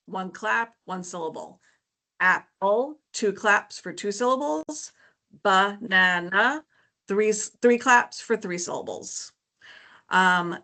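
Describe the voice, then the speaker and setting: Woman educator, bright clear tone, teacherly parent talk, mid pitch. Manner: friendly teacherly explaining with frequent "um" and "okay, so". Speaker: educator presenting a parent workshop. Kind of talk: informative presentation.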